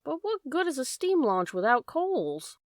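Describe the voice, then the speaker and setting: A woman's voice: high voice, big pitch swings, unhurried, no echo, clean studio sound, pitched above the performer's own voice. A woman voicing a worried, chatty working-class boatman's wife in an audiobook reading. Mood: fretful. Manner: chatty, plain-spoken, dropped endings.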